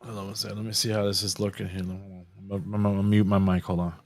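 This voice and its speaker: A man's voice: lowish voice, level tone, racing, no echo, soft background music. A man co-hosting a podcast over a video call, talking loosely and joking with plenty of swearing. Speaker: podcast co-host. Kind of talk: casual chat.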